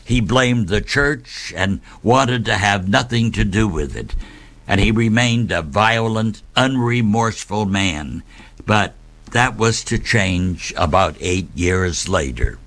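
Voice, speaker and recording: Slow, low-voiced male storyteller. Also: expressive, fairly bright tone. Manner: measured, deliberate storytelling with dramatic pauses. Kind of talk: recounting a saint's life story.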